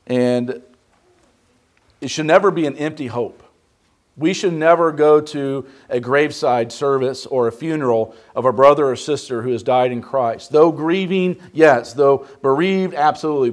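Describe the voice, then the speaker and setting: A man preaching a Bible study, emphatic, putting questions to the class. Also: mid-range voice. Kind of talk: interactive Bible study sermon.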